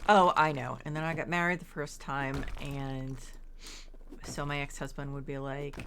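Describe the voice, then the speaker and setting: A middle-aged woman talks in a low, unhurried voice as she plays a game on stream, wandering between stories and chat messages. She sounds tired and yawns now and then while she gets over being sick. A faint hiss sits behind her voice. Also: flat delivery, a bit bright. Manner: rambling, chatty, reads chat aloud; frequent fillers and restarts. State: yawning, recovering from illness. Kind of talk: casual chat while playing.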